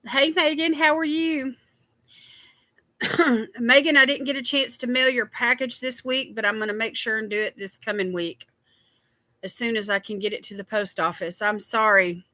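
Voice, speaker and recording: A woman's voice: fairly high pitch, steady tone, normal speed, sharp tone, dry recording. A woman hosting a casual skincare livestream, chatty and tired, greeting viewers by name.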